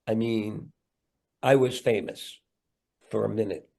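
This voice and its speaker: A middle-aged comedian and actor, speaking slowly in a lowish, steady, slightly mellow voice with vocal fry, rambles earnestly during a candid podcast interview. He adds playful asides, and the conversation happens over a video call.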